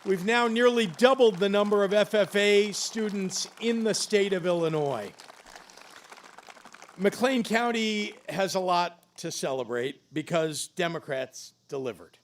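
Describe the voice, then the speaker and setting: A middle-aged man giving a political stump speech at a campaign event, emphatic, rising to loud punches and dropping low for grave points. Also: unhurried, slight background noise.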